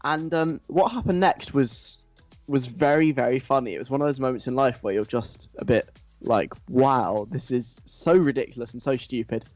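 A man's voice: medium pitch, normal speed, no echo, faint music behind. Chatty self-deprecating male radio host. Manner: self-deprecating, rambling, animated when imitating chants. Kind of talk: casual radio chat.

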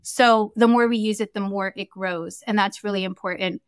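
Her mid-range voice is clear and resonant, moving at normal speed with no echo. A young adult woman and Akashic record reader, she guests on a casual interview, telling a story with animation and acting out quoted dialogue.

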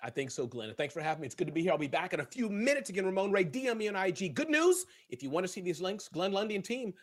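A man's voice: high-pitched, big pitch swings, rapid-fire. Upbeat man sharing good news. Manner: upbeat, jokey, plays voices. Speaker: good-news segment contributor. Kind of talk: casual morning show chat. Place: home in New Jersey.

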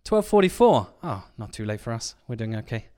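A man's voice: mid-range voice, big pitch swings, brisk, warm tone, smooth. A middle-aged man co-hosting a podcast, talking in a jokey, playful, chatty way. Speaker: podcast co-host. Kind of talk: casual chat.

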